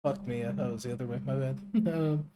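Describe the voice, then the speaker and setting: A man's voice: medium pitch, steady tone, fast talker, background noise, natural voice. A man playing a pushy, wheedling small-time horse dealer in a tabletop game. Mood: flustered. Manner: salesy, wheedling, rambling. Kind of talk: in-character tabletop role-play.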